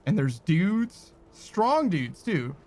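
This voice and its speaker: A man's voice: high-pitched, very animated, extremely slow, a little mellow. A man giving casual, profane, sarcastic commentary while playing a video game. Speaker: gaming streamer.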